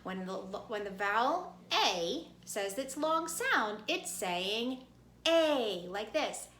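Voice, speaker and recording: A woman's voice: medium pitch, very animated, bright, forceful tone, roomy sound, a little hiss or hum. A woman teaching second graders a phonics lesson, encouraging them and calling out vowel sounds for the class to repeat. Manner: slow, encouraging, calls out sounds with hand motions. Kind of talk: recorded phonics lesson for kids.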